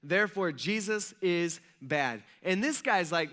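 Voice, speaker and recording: Male church pastor, relaxed storytelling sermon, high ringing voice. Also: a little slow. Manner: loose storytelling, retelling scripture in everyday talk with many "like"s. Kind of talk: casual conversational sermon.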